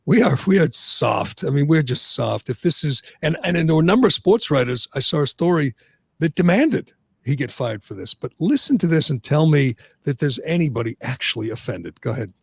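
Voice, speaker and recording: A man's voice: a little high, a little fast, vocal fry, breathy edge, no room sound, clean studio sound. A man hosting an opinionated sports talk radio show, ranting with lots of restarts. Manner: animated ranting, frequent restarts.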